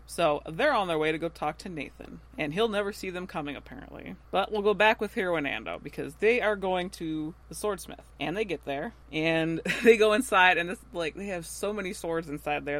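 A woman co-hosting a podcast, recapping a TV episode in casual chat, acting out the characters' lines and laughing often. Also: lowish voice. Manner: animated retelling with acted-out quotes and frequent laughs. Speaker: podcast co-host.

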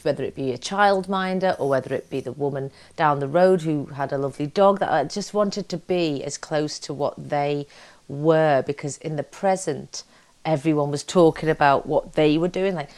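A woman from Britain, an actor, giving an animated, expressive interview about her work and her upbringing. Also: deep voice, normal speed. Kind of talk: casual interview chat.

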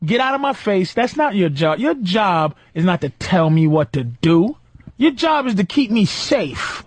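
A middle-aged man riffs loudly and mockingly, acting out phone calls and airport run-ins. His voice sits high and swings widely in pitch. The sound is close and dry. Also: sing-song, measured pace, no echo. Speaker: podcast co-host. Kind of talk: profane comedic rant.

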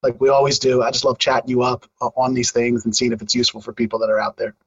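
A man's voice: mid-range voice, little pitch movement, quick pace, a bit bright, slightly rough, dull audio. A man with a Philadelphia accent, a podcast guest talking in an enthusiastic, jokey, slangy way. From Philadelphia, USA. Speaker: guest, AI evangelist. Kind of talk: casual interview chat.

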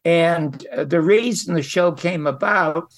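An older man, a guest in an interview, telling anecdotes in a casual, animated way with emphatic asides. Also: a little high, a little slow. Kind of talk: casual storytelling.

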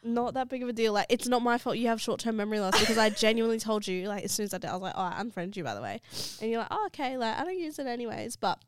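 A woman's voice: a little high, lively intonation, rapid-fire, few pauses, smooth, no room sound. A young woman co-hosting a podcast, chatting casually and rambling with frequent laughter. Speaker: podcast co-host. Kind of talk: casual chat.

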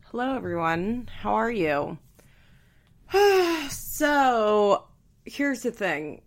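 A woman hosting a podcast, chatting casually and reading a transcript aloud in a flat, even way. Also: fairly high pitch, drawn-out words, over music. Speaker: podcast host.

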